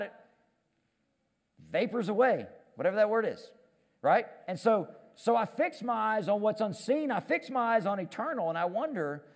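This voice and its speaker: Animated high-voiced pastor in a hall. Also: male voice. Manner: animated, self-deprecating, repeats words when excited. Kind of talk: sermon. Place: church stage.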